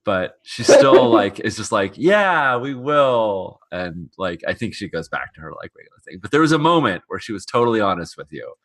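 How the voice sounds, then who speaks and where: A man playing a tabletop roleplaying game, speaking in halting bursts with many restarts. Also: deep voice, expressive, fairly bright tone, dry recording. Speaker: player. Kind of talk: actual-play roleplay chat.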